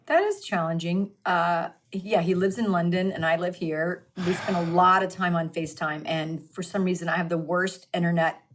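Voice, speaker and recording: A woman's voice: lowish voice, normal speed, hardly any pauses. Chatty self-deprecating woman in her fifties. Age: 50s. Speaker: podcast guest. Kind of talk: casual interview chat.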